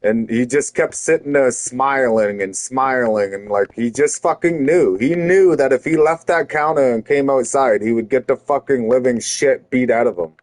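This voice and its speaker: A man's voice: mid-range voice, moderate pace, hardly any pauses, no room sound. Male streamer, angry profane storytelling, dry close sound. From Canada. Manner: heated, profane, rising to shouted retorts.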